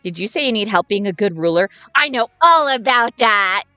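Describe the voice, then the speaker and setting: A woman's voice: mid-range voice, animated, normal speed, sharp tone, clean tone, no echo, faint music behind. A woman voicing a spoiled, cruel princess who talks in a prim, sweetly menacing way.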